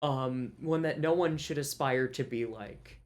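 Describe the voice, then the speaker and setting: A man's voice: medium pitch, unhurried. Rambling, profane male podcast co-host. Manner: rambling, profane, breaks into laughter. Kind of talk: casual podcast chat.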